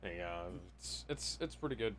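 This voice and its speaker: A man's voice: lowish voice, expressive, unhurried, fairly bright tone. A man co-hosting a casual movie podcast, offhand and rambling, with plenty of swearing. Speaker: podcast co-host.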